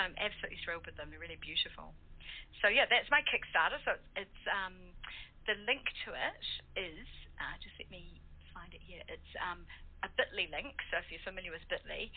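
A woman's voice: fairly low pitch, breathy edge. Enthusiastic New Zealand woman author, phone line. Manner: enthusiastic, laughs often, many fillers. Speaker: author guest. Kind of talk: casual interview chat.

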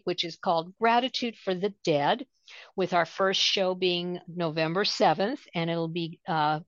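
Slow, rambling woman co-host, dull lo-fi sound. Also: on the low side, fairly bright tone, no room sound. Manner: meandering, halting, full of "you know" fillers. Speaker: co-host of a spirituality show. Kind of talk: casual conversational chat. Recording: dull lo-fi dry audio.

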